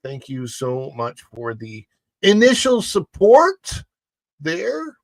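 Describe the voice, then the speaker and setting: A man's voice: on the high side, wildly swooping pitch, slow, gravelly, no room sound. Chatty guy hosting a livestream, voice jumps around a lot, dry close sound. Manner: chatty, rambling, reads news aloud to chat. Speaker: livestream host. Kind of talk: casual livestream chat.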